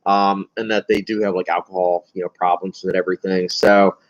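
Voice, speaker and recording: Young man, casual livestream Q&A, rambling, nervous, low voice, dull lo-fi sound. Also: level tone, brisk. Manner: rambling, chatty, frequent fillers, laughs often; self-described anxious. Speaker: filmmaker answering viewer questions.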